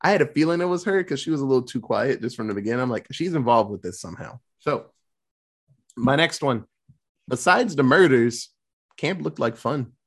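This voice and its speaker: Husky podcast host, lively swooping voice, casual and profane. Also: mid-range voice, brisk. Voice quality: profane, animated storytelling. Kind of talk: casual movie review chat.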